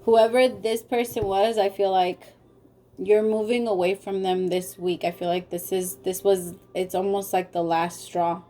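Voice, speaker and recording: Warm-voiced woman giving a tarot reading. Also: medium pitch, level tone, unhurried, a little hiss or hum. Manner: emotional, talks straight to viewers. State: tearful. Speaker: tarot reader. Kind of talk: casual spoken tarot reading.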